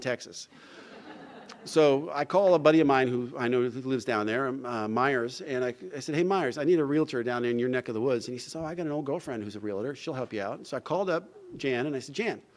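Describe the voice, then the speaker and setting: A middle-aged man from New Jersey giving a recovery talk, telling his story and acting out the dialogue, with frequent "you know" asides. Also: mid-range voice. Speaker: recovery speaker. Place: event hall.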